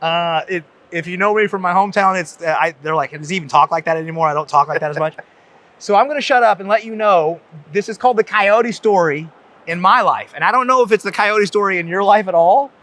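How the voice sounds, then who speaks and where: A man with a fairly high voice and a light, toned-down Southern accent hosts a podcast. He rambles with enthusiasm, circling back on his words as he sets up his guest. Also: quick pace, fairly bright tone. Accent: Southern US, softened. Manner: rambling, many fillers and restarts, enthusiastic. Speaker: podcast host, chiropractor. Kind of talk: casual conversation, introducing a guest.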